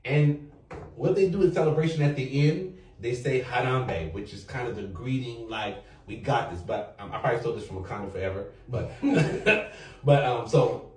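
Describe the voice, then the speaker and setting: A man's voice: mid-range voice, moderate pace, a little hiss or hum. A man hosting a podcast round-table, talking loosely and jokingly, swearing now and then and leading the group in call-and-response. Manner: animated, jokey, swears freely, leads chants. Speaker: podcast host. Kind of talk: casual round-table talk. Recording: roomy echo, distant mic.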